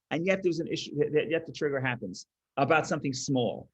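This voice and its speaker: Man, high voice, text-study teacher, animated, restarts phrases, trails off softly. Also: fast talker, dull audio. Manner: animated explaining, frequent restarts, trails off quietly. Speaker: Torah teacher. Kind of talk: text-study class lecture.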